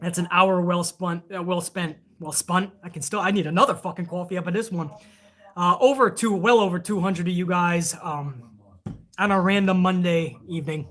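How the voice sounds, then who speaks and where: A man hosts a live wrestling stream in a loose, rambling way, swearing freely as he reads out viewer donations. His voice sits high and has a bright, sharp edge to it. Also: steady tone, normal speed. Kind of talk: casual live-stream chat.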